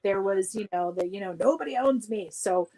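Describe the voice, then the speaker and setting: A woman's voice: medium pitch, normal speed, mellow, rough recording. A woman chatting as a guest on a livestream, telling stories with frequent laughter. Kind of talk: casual livestream chat.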